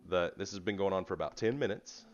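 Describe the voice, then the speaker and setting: A man's voice: sits low, fast talker, dull audio, faint music behind. A man narrating as game master of a tabletop game, laid-back, with fillers and laughs.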